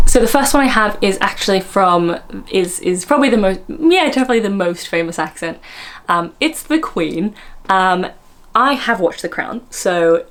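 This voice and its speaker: An Australian woman vlogging in casual chat to the camera, with a slightly low voice. She talks in a chatty, self-deprecating way, easygoing and quick to poke fun at herself.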